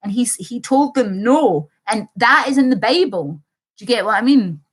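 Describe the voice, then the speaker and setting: A woman's voice: a little high, lively intonation, normal speed, husky. A young woman livestreaming, reading chat comments and rambling in an impassioned way, swearing casually.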